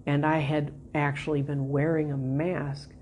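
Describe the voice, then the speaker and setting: A woman's voice: deep voice, flat delivery, unhurried, a little hiss or hum. A woman giving a Christian teaching session, sharing a personal testimony in a conversational storytelling way. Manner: conversational storytelling with soft laughs and restarts.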